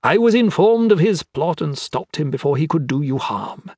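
A man's voice: on the high side, lively intonation, moderate pace, darkish tone, slightly rough, no echo, studio quality, voice pushed up. A man reading an earnest young marksman.

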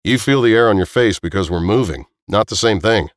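A man voicing a calm, seasoned man in an audiobook, steady and explaining. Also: lowish voice, a little fast, dry recording, clean studio sound, lightly acted. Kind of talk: audiobook character voice.

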